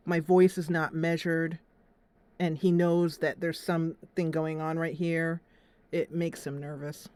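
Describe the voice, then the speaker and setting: A woman's voice: on the low side, a little mellow, clean tone, no echo. A young woman hosting her gaming livestream, chatting casually and laughing often. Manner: chatty and giggly, with frequent laughs. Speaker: gaming channel host.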